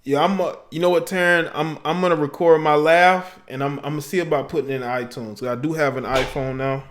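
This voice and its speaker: Briskly and with fairly even intonation, a man with a fairly high voice hosts a live call-in show, tossing out slang and chuckling over the viewer comments he reads.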